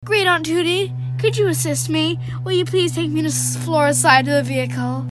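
A woman's voice: high-pitched, steady tone, moderate pace, natural voice. A young female reader voicing an earnest, formal boy who wears glasses.

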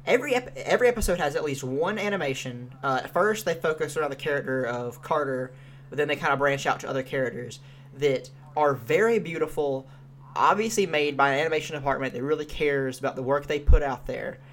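A young man co-hosts a podcast, picking apart a show in loose, animated chat full of fillers and cursing. His voice sits a little high. A faint hum runs under the recording. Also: a little fast. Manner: animated, swears freely, frequent fillers. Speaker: podcast co-host. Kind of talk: casual review chat.

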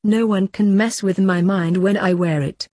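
A woman's voice: mid-range voice, steady tone, normal speed, mellow, no room sound, studio quality, lightly acted. A woman reading the lines of an intense, paranoid male conspiracy theorist in a storybook, insistent and earnest.

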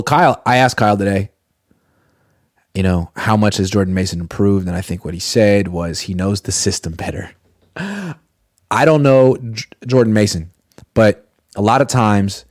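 A man hosting casual sports commentary, talking in a sarcastic, deadpan way. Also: fairly low pitch, no room sound, clean studio sound.

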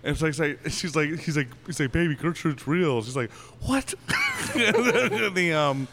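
A man's voice: on the high side, huge pitch swings, unhurried, very noisy. A man telling a long anecdote on a podcast, rambling and packed with fillers, breaking into laughs as he goes. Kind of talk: casual storytelling.

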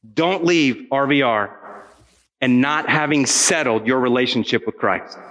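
Bright, lively middle-aged male preacher. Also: on the high side. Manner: animated storyteller, acting out quoted voices. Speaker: camp speaker. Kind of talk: sermon to students with storytelling.

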